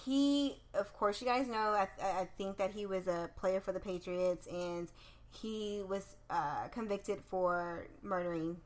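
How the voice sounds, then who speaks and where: A woman's voice: mid-range voice, measured pace. Chatty woman swearing freely. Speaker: podcast co-host. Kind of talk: casual chat.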